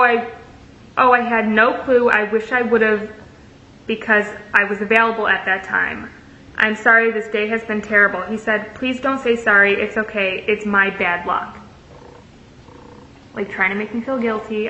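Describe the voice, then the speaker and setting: Young woman vlogging, bright sharp voice, kinda sarcastic, echoey room with a bit of hiss. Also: mid-range voice. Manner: reads out messages, sarcastic asides. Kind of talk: casual storytelling vlog. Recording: echoey room, dull lo-fi sound, faint hiss.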